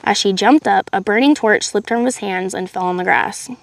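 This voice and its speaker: A woman's voice: mid-range voice, normal speed, gravelly, no room sound. Woman reading a novel aloud on stream. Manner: steady reading with chatty asides to viewers. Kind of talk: live read-aloud narration.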